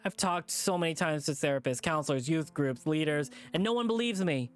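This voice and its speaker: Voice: mid-range voice, faint music behind, natural voice. A visual novel streamer voicing a frightened young male lynx who stammers and breaks down while recalling a trauma. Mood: distraught. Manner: shaky, halting, breaking into sobs.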